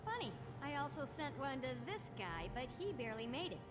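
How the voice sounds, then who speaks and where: An eager, excitable young genius in a video game, high and bright. She talks playfully over game music. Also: fairly quick. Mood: upbeat. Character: bubbly young female gnome-like genius.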